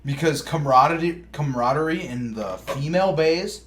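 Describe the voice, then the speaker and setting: A man's voice: fairly high pitch, a little fast, a little hiss or hum. A young man co-hosting a podcast, chiming in bluntly, swearing and laughing easily in casual chat. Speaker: podcast co-host.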